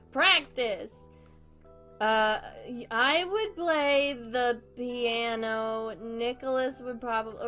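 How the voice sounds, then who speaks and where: A young woman talks loosely while she doodles, drifting between thoughts with frequent giggles and casual swearing. Her voice sits a little high, with soft music playing faintly under her. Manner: giggly, rambling, swears often. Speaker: art streamer. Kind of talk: casual chat while drawing.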